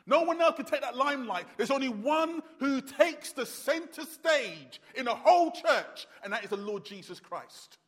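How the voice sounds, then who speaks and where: A man preaching a sermon with a fairly high voice. He speaks emphatically and conversationally, repeating his points. His words echo with the long reverb of a church hall. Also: expressive, normal speed, few pauses, fairly bright tone. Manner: emphatic, repetitive, conversational with fillers.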